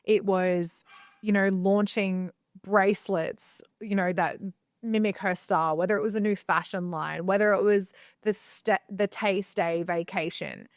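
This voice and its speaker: A woman's voice: medium pitch, steady tone, unhurried, dry recording. A young woman co-hosting a casual podcast from a home studio, chatty and opinionated as she gives advice. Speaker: podcast co-host.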